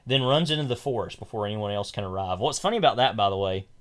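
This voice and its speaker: A man's voice: fairly low pitch, expressive, fast talker. Rambling young man discussing films. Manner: rambling, filler-heavy, many restarts. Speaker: podcast co-host. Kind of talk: casual film discussion.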